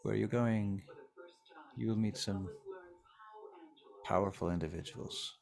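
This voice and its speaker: A man's voice: on the low side, steady tone, slow pace, creaky, a crowd in the background. A man voicing a mysterious woman who poses as a waitress, cool and blunt. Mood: cryptic.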